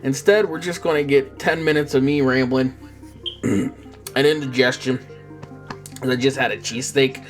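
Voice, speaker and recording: A young man rambles casually about his painting, joking, cursing and drifting off mid-thought. His voice sits at an ordinary middle pitch, with faint guitar music playing underneath. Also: fairly even intonation, moderate pace, pauses often. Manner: rambling, joking, swearing, trailing off. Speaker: miniature painting YouTuber.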